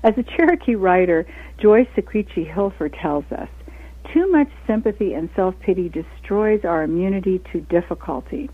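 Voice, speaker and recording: A woman presenting a short scripted wellness segment in a calm, measured, encouraging way. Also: medium pitch, slightly rough, no echo. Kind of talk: scripted inspirational talk. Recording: thin phone-like radio sound.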